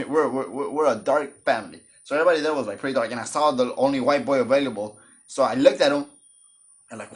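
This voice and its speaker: A storytime vlogger, a man with a fairly high voice, talks a little fast as he recounts a personal story. He keeps it casual and jokey, animatedly acting out the voices of the people involved.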